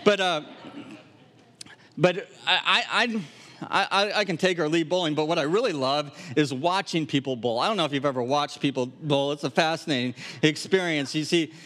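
A middle-aged man from Wisconsin preaching a sermon in an animated, humorous way, with acted asides. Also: fairly high pitch, moderate pace. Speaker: pastor. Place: camp gathering hall.

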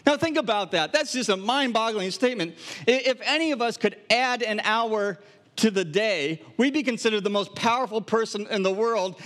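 A middle-aged man from Wisconsin preaching a sermon in an animated, humorous way, with acted asides. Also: high-pitched, moderate pace. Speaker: pastor. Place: camp gathering hall.

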